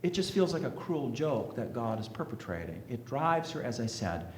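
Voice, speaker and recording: A man preaching a sermon to a congregation, slow and emphatic, asking the listeners rhetorical questions. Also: medium pitch, big pitch swings, echoey room. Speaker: minister. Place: sanctuary with congregation.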